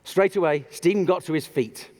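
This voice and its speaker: A man giving a humorous storytelling talk on stage, animated and self-deprecating. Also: a little high, normal speed. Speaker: public speaker. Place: large auditorium stage. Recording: long hall reverb.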